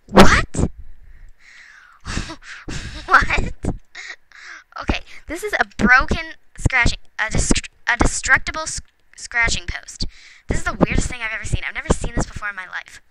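A woman's voice: on the high side, lively intonation, brisk. Chatty woman narrating a game, noisy. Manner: chatty, talks to game characters, chuckles often. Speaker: let's play gamer. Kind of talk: casual gameplay commentary. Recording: noticeable background noise with clicks.

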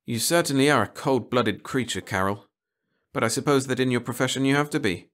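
A man's voice: medium pitch, brisk, fairly bright tone, pitched above the performer's own voice, lightly acted. A man voicing a hungover, self-pitying male actor who pleads and whines, in a read-aloud story. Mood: whiny, pleading. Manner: pleading, whining.

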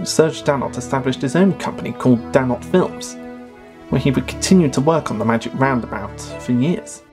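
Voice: mid-range voice, fairly quick. Cartoon review narration, earnest fan tone, music underneath. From England. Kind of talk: documentary-style review narration.

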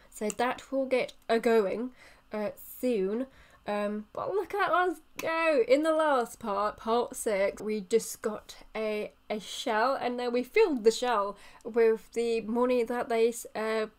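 A woman casually commenting on her game in a rambling, chatty way. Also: a little high. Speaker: let's play host.

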